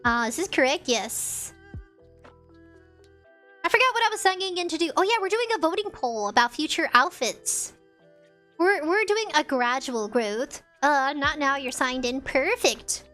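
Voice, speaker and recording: A woman VTuber chatting casually on a livestream, rambling and giggly, easily sidetracked while reading chat, her voice a little raspy. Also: high voice, animated, measured pace, sharp tone, soft background music. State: slightly raspy.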